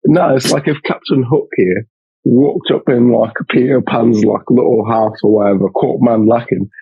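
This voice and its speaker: Gravelly young man, slangy. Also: medium pitch, fairly even intonation, moderate pace, no room sound. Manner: laid-back, slang-heavy, tags lines with "fam". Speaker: podcast co-host. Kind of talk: casual banter podcast chat. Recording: dull, dry lo-fi mic.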